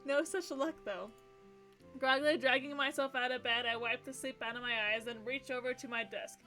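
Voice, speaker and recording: A woman streamer with a high, bright voice reads a game's narration aloud. She keeps breaking into excitable, gushing reactions. Quiet game music runs in the background. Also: normal speed. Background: faint game music.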